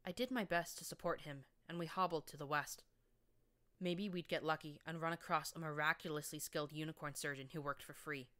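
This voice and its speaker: A woman narrates a fan fiction audiobook in the first person. Her voice sits deep for a woman, and she keeps a wry, sardonic edge. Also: fairly even intonation, fairly quick, fairly bright tone.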